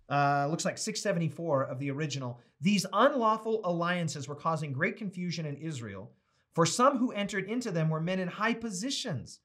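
A man's voice: high-pitched, a bit bright. Chatty American man teaching Bible study. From United States. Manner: chatty and anecdotal, reads quotes aloud. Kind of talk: casual Bible study reading and commentary.

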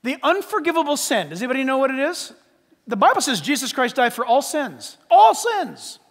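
A man delivers a sermon with a very high voice that leaps around animatedly. He questions the congregation, punches key lines, then drops low for asides. The voice rings with a long hall reverb of a church sanctuary. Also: big pitch swings, fast, fairly bright tone. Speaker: pastor.

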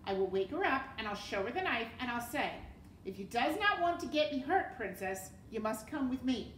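An eager, dim-witted young serving girl who dreams of being a princess and talks in blunt, broken grammar, as a woman puts her on. The voice is pitched high and rings from across an echoey room with a faint hiss. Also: very animated, normal speed, a bit bright, distant mic.

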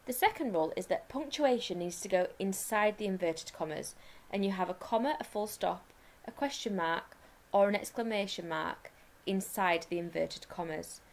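Speaking with lively intonation in a mid-range voice, an English-accented woman teaches a recorded primary school lesson. She walks through each step and slows her delivery to dictate.

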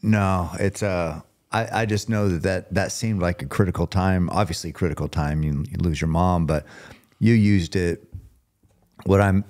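A man hosting a podcast, talking in a calm, reflective way in a casual interview. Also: low voice, normal speed. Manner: calm, reflective, gives short backchannel replies. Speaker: podcast host.

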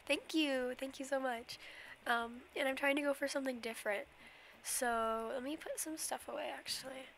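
Young woman streamer, kinda sick, high voice, giggly and rambly, faint hum behind. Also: fairly bright tone. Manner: chatty, giggly, apologetic, rambling with many fillers. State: slightly sick. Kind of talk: casual Minecraft stream tour.

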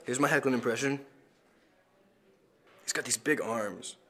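A man's voice: medium pitch, measured pace, bright, forceful tone. A man doing impressions of his castmates in playful casual chat, laughing between bits. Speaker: actor doing cast impressions.

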